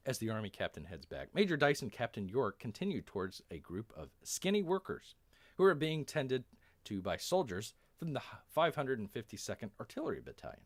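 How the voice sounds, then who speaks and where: A man's voice: mid-range voice, big pitch swings, fairly quick, no room sound. A man telling a story on a live stream, rambling with many fillers and referring to himself in the third person.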